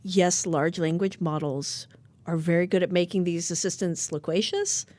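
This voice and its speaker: A woman with a fairly low voice co-hosting a tech podcast, chatty and animated. She is recorded close and dry, with no room around her. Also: moderate pace, no echo. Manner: chatty, animated, lots of likes. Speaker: podcast co-host. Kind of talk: casual tech podcast chat.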